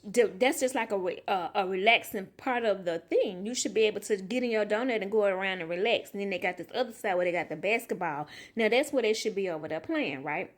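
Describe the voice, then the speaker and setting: Woman, casual storyteller, animated, acts out each quoted line. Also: medium pitch, quick pace, hardly any pauses. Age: adult. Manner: animated, emotional retelling with quoted dialogue. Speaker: vlogger, mother.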